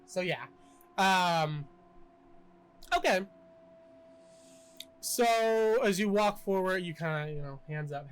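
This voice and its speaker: A young man narrating as game master in a tabletop game, casual and halting with many fillers. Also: sits high, a bit bright, smooth, rough recording.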